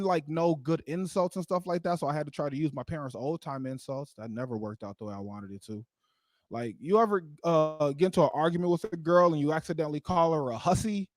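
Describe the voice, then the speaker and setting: Brief: man, stand-up comic on a stage mic, loose rambling delivery, slightly high voice, dry sound. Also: brisk, no room sound. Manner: loose and rambling, lots of "like", laughs at his own jokes. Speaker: stand-up comedian. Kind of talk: stand-up comedy set. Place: live comedy show venue.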